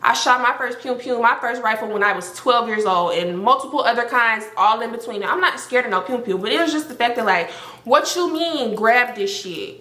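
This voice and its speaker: A young woman telling a story to camera in a casual, animated and profane way, with many filler words. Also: on the high side, moderate pace. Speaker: storytime vlogger. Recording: roomy echo.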